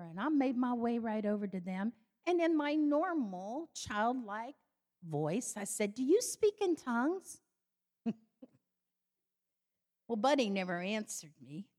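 An older woman telling her personal faith story, animated and acting out the voices she quotes. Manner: animated, acts out quoted voices with sudden high jumps. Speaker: speaker giving a personal faith testimony.

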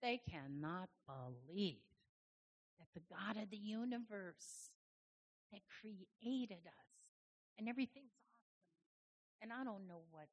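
A woman's voice: medium pitch, animated, takes it slowly, muffled recording. A woman giving an informal, conversational sermon to a congregation, chatting with people in the room as she speaks. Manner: conversational, chatty with the audience, many restarts. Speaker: church speaker.

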